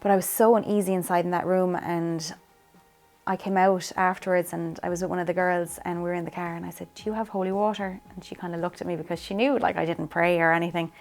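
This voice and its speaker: A woman's voice: lowish voice, steady tone, quick pace, darkish tone, faint music behind. A woman giving a personal testimony in an interview, chatty and full of "like". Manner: chatty, peppered with "like", acts out quotes. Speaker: interviewee sharing faith testimony.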